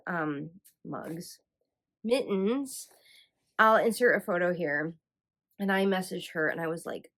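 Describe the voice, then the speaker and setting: A woman's voice: medium pitch, a bit bright. A woman yarn dyer from Michigan hosting her own channel, chatting casually and eagerly as she shows off items, with frequent ums and likes. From Michigan, USA. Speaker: yarn dyer and podcast host. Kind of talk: casual show-and-tell chat.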